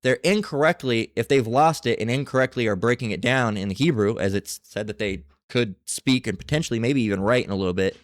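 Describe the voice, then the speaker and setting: A man giving a casual scripture lesson, reading passages aloud and talking in a halting way with many fillers and restarts. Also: mid-range voice, dry recording, studio quality. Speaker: religious teacher.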